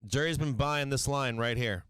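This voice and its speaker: A man's voice: mid-range voice, moderate pace, fairly bright tone, clean tone, no room sound. A man hosting a live stock market stream, rambling and mocking, swearing often as he talks to his viewers. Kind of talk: casual profane market chat.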